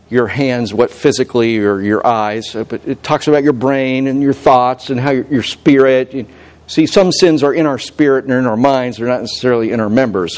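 A man preaching a sermon as pastor, conversational, with frequent restarts and self-corrections, climbing loud and high when he quotes God's voice.

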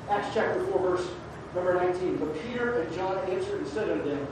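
Preacher booming in an echoey hall. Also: quick pace, hardly any pauses. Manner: swings from hushed, low pleading to loud, rising exhortation; emphatic, rhetorical questions to the congregation. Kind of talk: sermon. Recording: very echoey hall, distant mic, background noise.

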